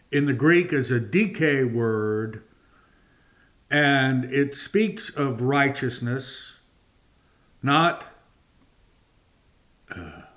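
A man preaching a sermon, reading and explaining scripture slowly and deliberately, drawing out key words. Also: mid-range voice, a bit bright.

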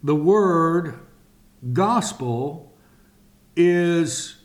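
A man teaching a sermon-style Bible lesson, speaking in slow, deliberate phrases with long pauses. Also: fairly high pitch, animated.

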